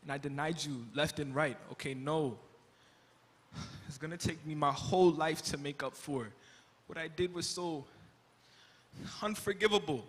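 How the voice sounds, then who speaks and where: A young man playing the apostle Peter as an excitable, rambling fisherman in a school stage skit, with a comic edge. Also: on the high side, moderate pace. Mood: remorseful. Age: young adult. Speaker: student actor in a school skit. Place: school auditorium. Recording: reverberant hall.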